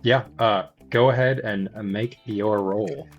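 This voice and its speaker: A man narrating a tabletop game as game master, with many halting filler sounds. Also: lowish voice, fairly even intonation, muffled recording, faint music behind.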